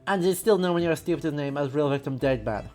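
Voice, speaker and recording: A woman's voice: low voice, fast, warm tone, soft background music. A woman streaming a game with sarcastic, self-mocking casual commentary.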